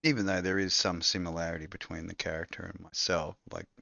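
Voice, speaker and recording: A man's voice: sits low, little pitch movement, fast, gravelly, bright, forceful tone. A man chatting casually as co-host, rambling and crude in a laid-back way, on a dull lo-fi recording. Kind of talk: casual chat. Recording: dull lo-fi dry sound.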